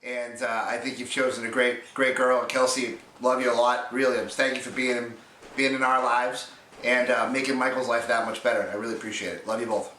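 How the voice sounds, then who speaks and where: Man, bright voice, sincere and halting, roomy echo, distant mic. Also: mid-range voice, little pitch movement. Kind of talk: wedding video message.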